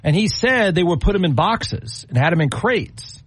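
A man's voice: high voice, big pitch swings, moderate pace, a bit bright, slightly rough, no room sound. A man co-hosting a radio talk show, chatting casually with a wry, incredulous manner and acting out little scenes. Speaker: radio co-host.

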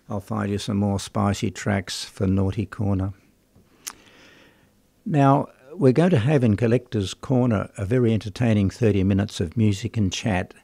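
A man presenting a radio music show in a chatty, unhurried way, with plenty of ums and uhs. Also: fairly low pitch, gravelly, warm tone, dry recording.

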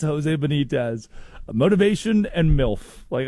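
A man hosting a casual, comedic sports talk show, telling stories with quick asides. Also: on the high side, husky, dry recording, clean studio sound. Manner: animated storytelling with quick asides. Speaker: sports radio host.

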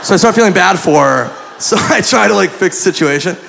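A man doing stand-up, telling a story in an animated, profane, self-mocking way. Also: high-pitched, fairly quick, creaky, noisy background. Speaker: stand-up comedian. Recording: live club with audience laughter.

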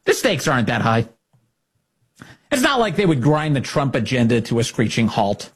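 A man's voice: mid-range voice, sing-song, normal speed, slightly rough. A man giving sarcastic, mocking political commentary as a host.

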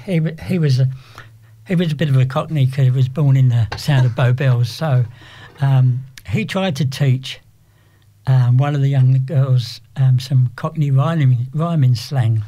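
An older English man talking as an interview guest, rambling and halting with frequent restarts. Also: mid-range voice, dark tone. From England. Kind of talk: casual interview.

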